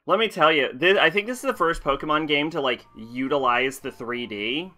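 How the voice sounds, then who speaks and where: A man streaming a game, chatty and rambling, with frequent laughs. His voice is fairly high and bright, with an offhand, casual delivery. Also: normal speed, soft background music. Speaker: let's play streamer.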